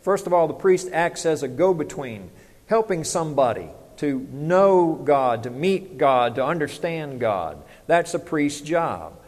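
Pastor, a touch high-pitched, talks to his flock with questions and answers, long church reverb. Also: darkish tone. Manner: conversational preaching with rhetorical questions. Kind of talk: sermon.

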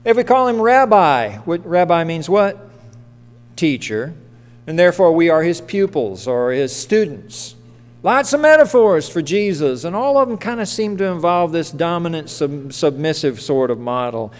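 A man gives a sermon in a church, talking plainly and often asking questions of the people in the pews. His voice sits a little high for a man. The sound has a long reverb off the walls of the hall. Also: big pitch swings, moderate pace. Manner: conversational, asks the congregation questions. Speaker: pastor. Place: church sanctuary.

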